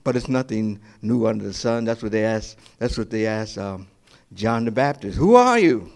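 A male pastor preaching a sermon. He asks his listeners questions and answers them himself, hesitating and restarting in quieter stretches and rising to emphatic peaks. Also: on the low side, expressive, normal speed, vocal fry.

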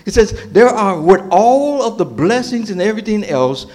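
A male pastor delivers a sermon in an animated, emphatic way, often stopping to check that the congregation is following. His voice sits a little high and swings widely in pitch. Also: moderate pace. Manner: animated, emphatic, with fillers and restarts, asks the congregation questions.

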